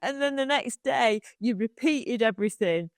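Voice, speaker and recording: A woman's voice: fairly high pitch, expressive, normal speed, no room sound, clean studio sound. A woman co-hosting a podcast in casual chat, teasing her friend and jumping in to correct her. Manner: teasing, laughs along, jumps in to correct. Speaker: podcast co-host.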